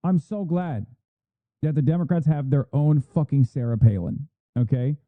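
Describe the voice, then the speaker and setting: A man's voice: fairly high pitch, normal speed, no room sound. A man streaming live, commenting bluntly in a heated, profane way. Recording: phone-like thin audio, dry.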